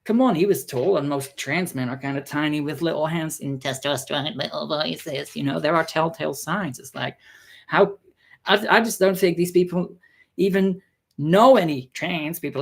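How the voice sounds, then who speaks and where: A man vlogging a casual story, exasperated and sarcastic, acting out the people he quotes with sudden jumps in pitch. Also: moderate pace, gravelly. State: tired.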